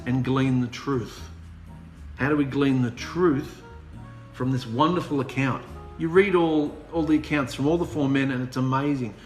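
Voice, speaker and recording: A man preaching an animated, humorous sermon, sarcastic and worked up. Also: medium pitch. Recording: echoey room with music behind.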